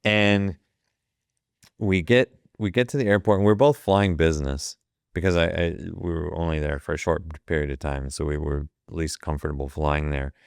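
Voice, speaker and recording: Deep-voiced man in his fifties, swearing storyteller. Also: steady tone, moderate pace, smooth, no echo, clean studio sound. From Ohio. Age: 50s. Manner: profane, vivid retelling that acts out the quoted dialogue. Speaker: guest, photographer. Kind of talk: casual storytelling.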